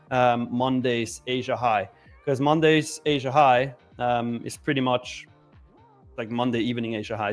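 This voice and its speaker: Guy co-hosting a trading stream, chatty, lots of ums, faint music under him. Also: mid-range voice. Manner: chatty, thinks aloud with fillers. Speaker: co-host of a live trading stream. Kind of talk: casual market commentary.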